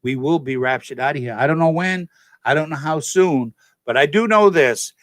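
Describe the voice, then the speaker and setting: A man's voice: on the high side, expressive, moderate pace, a bit bright. A man with a slightly raised voice delivers a loose, rambling monologue to his channel's viewers. He keeps circling back to his points, repeating and correcting himself as he goes, and calls his listeners "folks." The sound is dry and close, with almost no room echo. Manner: addresses viewers directly as "folks". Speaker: channel host. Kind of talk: casual political and religious monologue to camera.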